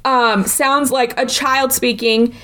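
A woman's voice: fairly high pitch, fairly even intonation, slow, sharp tone. A young woman co-hosting a podcast, chatting casually as she retells a movie scene by scene, full of likes and okays. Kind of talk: casual chat recapping a film.

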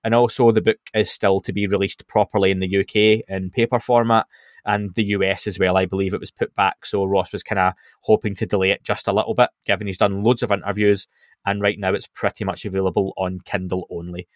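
A man with a lowish voice hosts a podcast in an easy, chatty way. He fills pauses with ums and restarts his sentences. The sound is dry and close. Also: no room sound. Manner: relaxed, chatty, with frequent fillers and restarts. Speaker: podcast host. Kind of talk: casual podcast chat.

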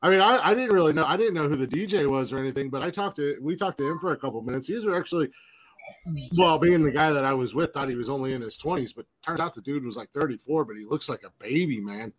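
A man with a slightly high voice talks fast as he co-hosts a podcast, telling a meandering, casual story packed with fillers and restarts. He performs the quoted lines of the people involved. The recording is rough.

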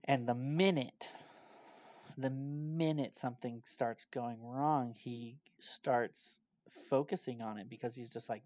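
A man co-hosting a casual podcast, retelling things in a rambling, animated way and filling his talk with "like". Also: medium pitch, a little slow, no room sound. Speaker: podcast co-host.

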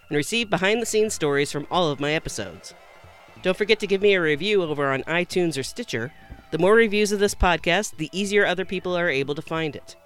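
A woman's voice: on the low side, a bit bright. A woman podcast host reading a scripted, upbeat promotional outro. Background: faint guitar music.

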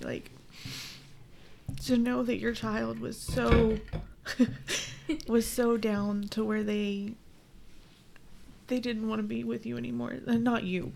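Gravelly middle-aged woman podcast host. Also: fairly high pitch, a little mellow, slight background noise. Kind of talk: casual podcast chat.

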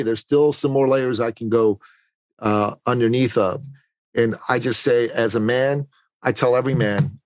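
A man's voice: medium pitch, fairly quick, dry recording. A middle-aged man, a podcast guest, telling a personal story in an earnest, confessional way, often repeating words as he gathers his thoughts.

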